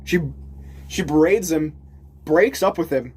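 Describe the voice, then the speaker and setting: A man's voice: on the high side, measured pace, slight background noise. A man telling a story casually, rambling and restarting sentences, laughing often and acting out the people he quotes. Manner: animated, voices the people he quotes.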